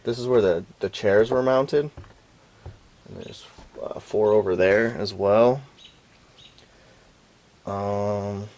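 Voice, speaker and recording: A man's voice: fairly low pitch, a little mellow. A man casually commenting on his work while restoring a vintage camper, talking to himself as he goes, at times out of breath. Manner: unhurried, talks to himself while working. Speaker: DIY restoration vlogger. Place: inside a hot vintage camper.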